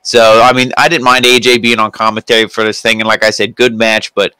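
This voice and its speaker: A man's voice: fairly low pitch, monotone, fairly quick, pushed and bright, clear, resonant tone, no echo. A man reviewing a wrestling show in casual podcast chat, rambling with loose restarts.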